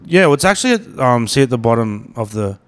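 A man's voice: medium pitch, very animated, quick pace, clear, resonant tone. A man with an Australian accent, hosting a podcast in casual chat, rambling and often repeating words. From Brisbane, Australia. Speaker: podcast host.

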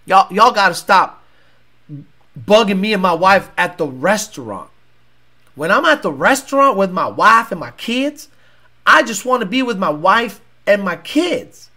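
A man's voice: sits high, very animated, a little slow, bright, forceful tone, heavily acted. A man voicing a weary male family YouTuber who complains about fans in a folksy drawl. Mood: annoyed.

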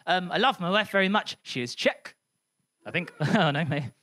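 A woman comedian doing a punchy, animated stand-up set on a club stage. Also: fairly low pitch, normal speed. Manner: animated, punchy, laughing through lines.

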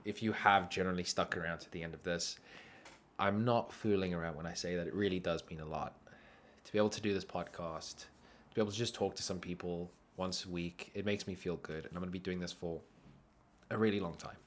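A man's voice: low-pitched, brisk, slight background noise. A man who is sick, hosting a podcast and telling a story in a casual, laughing way. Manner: animated, laughs through his own story. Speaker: podcast host.

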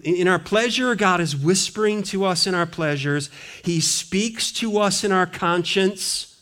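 A male pastor preaching an earnest sermon, swinging between emphatic lines and quiet ones. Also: high voice, measured pace.

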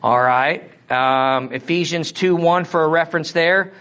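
A man's voice: fairly high pitch, measured pace, a bit bright, smooth. A middle-aged man from Missouri with a Missouri accent, teaching a Bible lesson in a conversational way and often checking in with his listeners. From Missouri, USA. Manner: conversational, asks the audience questions. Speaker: preacher.

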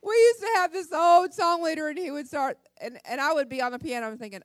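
A middle-aged woman giving a humorous devotional talk at a church women's session, animated and laughing often. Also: sits high, quick pace, dry recording.

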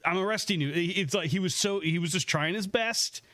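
A man's voice: sits high, moderate pace, fairly bright tone, dry recording. A man co-hosting a podcast, retelling a story in a rambling, casual way full of ums.

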